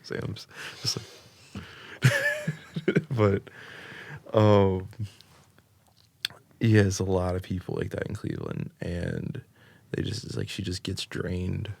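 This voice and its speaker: American man, deep voice, gravelly, rambling podcast guest. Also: lively intonation, slow pace, long pauses, a little mellow, no room sound. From United States. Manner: rambling, filler-heavy with constant "like" and "um". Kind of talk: casual storytelling.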